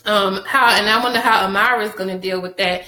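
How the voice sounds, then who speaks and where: A woman recapping a TV episode for her viewers, chatty and animated, addressing them directly and laughing often. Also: medium pitch, a little fast, roomy sound, a little hiss or hum, low-quality recording. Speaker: TV show reviewer.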